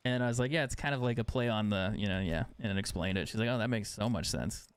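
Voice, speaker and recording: A man's voice: fairly low pitch, fast, few pauses, clear, resonant tone. A young man streaming a game live, chatting casually and sarcastically, swearing freely. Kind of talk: casual chat while gaming live.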